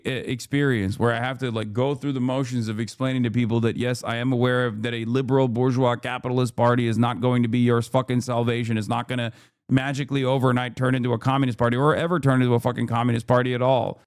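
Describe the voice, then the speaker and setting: A man's voice: medium pitch, a little mellow, smooth. A man hosting a live stream, ranting about politics with heavy profanity and exasperated sarcasm. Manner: sarcastic mock voices. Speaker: streamer host.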